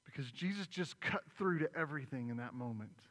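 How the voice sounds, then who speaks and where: Storytelling pastor in an echoing hall. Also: male voice, mid-range voice, animated, a little fast, a bit bright. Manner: storytelling, acting out voices. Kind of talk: sermon. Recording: long reverb in a large hall.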